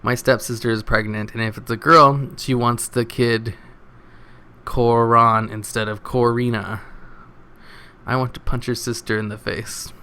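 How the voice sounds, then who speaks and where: A man's voice: mid-range voice, level tone, unhurried, pushed and bright, clear, resonant tone. A man reading forum comments aloud in a casual, sarcastic way, chuckling now and then. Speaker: reader of online posts.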